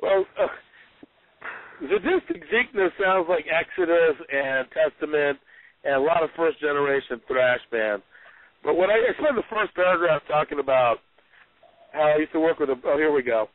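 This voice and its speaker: A man's voice: on the high side, lively intonation, normal speed, no room sound. Male author guest, wry storyteller, phone-quality audio. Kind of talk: casual chat, reading aloud from his book. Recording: tinny phone-like, dry sound.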